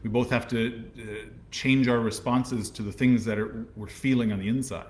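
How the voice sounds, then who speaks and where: A man co-hosting a casual talk show, calm and reflective, restarting his phrases as he thinks. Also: mid-range voice, moderate pace, a little hiss or hum. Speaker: podcast co-host. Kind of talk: casual chat.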